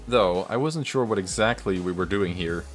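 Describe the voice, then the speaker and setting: A man's voice: sits low, normal speed, faint music behind. A male streamer reading through a game story and commenting casually, laughing and poking fun at himself. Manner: casual, laughing, self-mocking.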